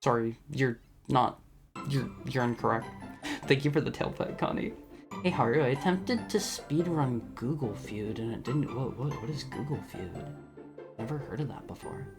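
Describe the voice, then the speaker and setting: A man's voice: mid-range voice, expressive, moderate pace, over music. A young man streaming from home, chatting casually with his chat, stammering and laughing often as he reads messages. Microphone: studio microphone.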